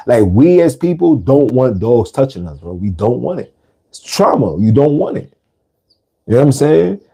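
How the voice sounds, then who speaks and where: Gravelly-voiced man, emphatic podcast host. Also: medium pitch, very animated, normal speed, warm tone. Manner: street slang, repetitive, emphatic. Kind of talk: casual monologue.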